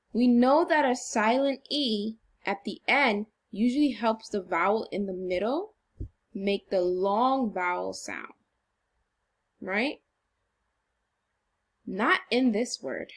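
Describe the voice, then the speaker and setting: In a recorded phonics lesson for kids, a woman teacher uses a medium-pitched, slightly bright voice. Her delivery is slow, encouraging and deliberately exaggerated.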